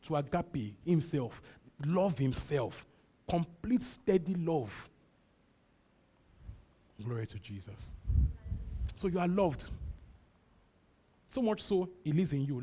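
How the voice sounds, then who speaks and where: A man's voice: mid-range voice, warm tone, slightly rough. A man with a Nigerian accent preaching a sermon, repeating short phrases and breaking into frequent hallelujahs. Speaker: pastor.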